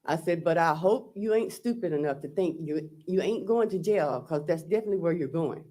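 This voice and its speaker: A woman's voice: sits low, animated, a little fast, mellow. A woman on the witness stand in a courtroom, recounting text messages and quoting both sides. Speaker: defendant testifying. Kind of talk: courtroom testimony.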